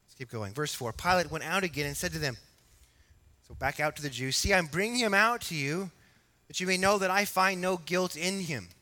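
A man preaching an expository sermon, emphatic at times and quiet at others, asking his congregation questions. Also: fairly high pitch, brisk. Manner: emphatic, rising to loud exhortation, then quiet and reflective. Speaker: pastor.

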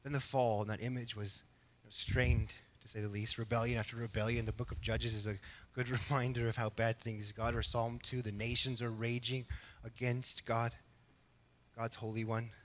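A man preaching an expository sermon, emphatic at times and quiet at others, asking his congregation questions. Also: mid-range voice, little pitch movement, moderate pace. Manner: emphatic, rising to loud exhortation, then quiet and reflective. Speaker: pastor.

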